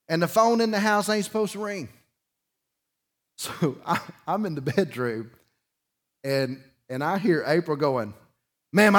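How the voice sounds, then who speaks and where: A middle-aged man, preaching a sermon through a folksy personal story, swinging between loud bursts and quiet emphasis. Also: fairly high pitch. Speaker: pastor.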